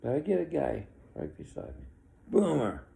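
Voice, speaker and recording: A man's voice: medium pitch, wildly swooping pitch, fairly quick, vocal fry, warm tone. A man in his sixties giving an opinionated, rambling monologue, with chuckles between his complaints. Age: 60s.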